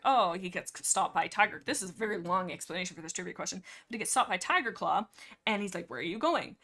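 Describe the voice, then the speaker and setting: With a bright, forceful voice of medium pitch, this young livestreamer chats casually about her favorite book series. She giggles and rambles, performing lines from the books with over-the-top theatrical flair.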